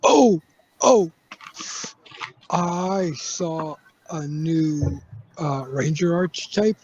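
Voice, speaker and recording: Slow-talking man on a muffled mic. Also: on the high side, a little mellow, a little hiss or hum. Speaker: player. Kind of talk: casual chat at a game table.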